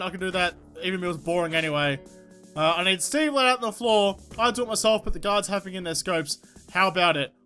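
A woman giving excitable, swear-filled let's-play commentary, talking to herself and the game. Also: medium pitch. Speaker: gaming YouTuber. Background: game music.

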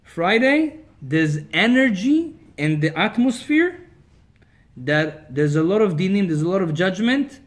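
A male rabbi giving a Torah lesson, telling stories in an animated way that swings between loud and quiet. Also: high-pitched, unhurried. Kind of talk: Torah lecture storytelling.

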